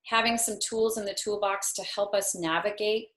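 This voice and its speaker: A woman's voice: mid-range voice, fairly even intonation, moderate pace, a bit bright. A woman in her fifties, a yoga teacher and guest, telling a personal story in an earnest, reflective way with light self-mockery. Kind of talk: personal storytelling in a talk show. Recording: roomy echo.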